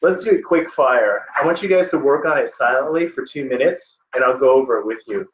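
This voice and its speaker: Brisk and lively in intonation, a male tutor with a medium-pitched voice delivers a casual lecture and often checks in with his class. The audio is echoey, picked up by a distant, muffled mic.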